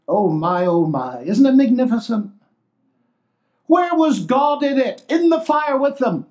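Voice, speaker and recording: An older man preaching a sermon, expressive and exclamatory, swinging between loud declarations and hushed asides. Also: extremely high pitch, measured pace.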